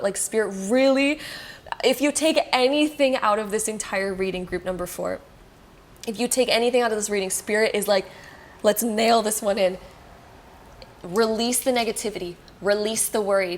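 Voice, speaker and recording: Speaking at a medium pitch, this woman runs a relaxed pick-a-card tarot reading for viewers. She's quick, excited, and comforting, sprinkling in "like" and "you know" constantly.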